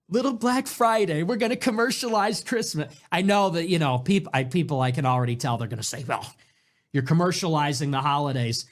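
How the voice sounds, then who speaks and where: A man hosting his own show in a casual monologue, animated and sarcastic, jumping between loud bursts and low mutters. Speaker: show host.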